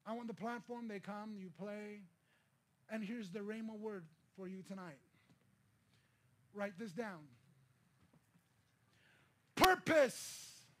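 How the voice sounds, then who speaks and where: A middle-aged man from the Philippines preaching a sermon as pastor, telling a personal story and swelling into shouted, pleading passages. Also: sits high, steady tone, measured pace, pauses often.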